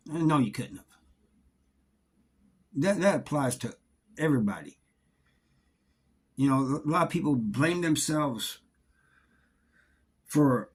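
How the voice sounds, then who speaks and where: A middle-aged man telling a story from his time in prison in a casual, halting way, often repeating words. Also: mid-range voice, slightly rough. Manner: halting, repeats words, drawling Southern-sounding grammar.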